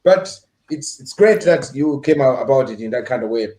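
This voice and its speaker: A man from Malawi hosting a casual podcast chat, telling stories in an animated, playful way and laughing along as he talks. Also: mid-range voice, moderate pace, echoey room. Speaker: podcast host.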